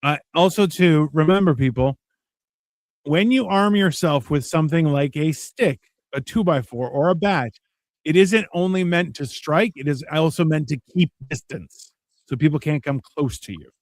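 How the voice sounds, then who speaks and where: Male co-host, fairly high voice, dry close sound, wisecracking profane movie commentary. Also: moderate pace, dry recording. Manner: joking and profane, with mocking voices for characters. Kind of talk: casual movie watch-along chat. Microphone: live stream microphone.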